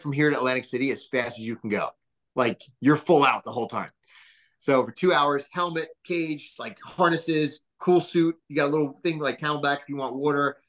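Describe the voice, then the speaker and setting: A man in his thirties, a guest on a podcast, telling casual stories in a rambling way full of fillers. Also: medium pitch. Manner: rambling, filler-heavy, animated. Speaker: podcast guest, business founder. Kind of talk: casual storytelling interview.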